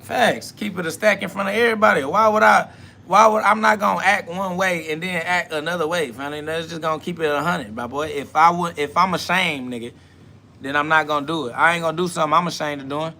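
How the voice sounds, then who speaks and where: A man's voice: fairly high pitch, quick pace, pushed and bright, slight background noise. A man hosting a live self-talk podcast, talking bluntly and profanely in a preachy way while answering chat comments aloud.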